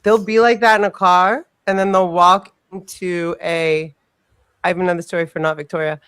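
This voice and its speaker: A woman co-hosting a casual chat show, telling a long story in a rambling, animated way and swearing freely. Her voice sits fairly low for a woman. The sound is dry and close, with no room echo. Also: normal speed, clean tone. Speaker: podcast co-host.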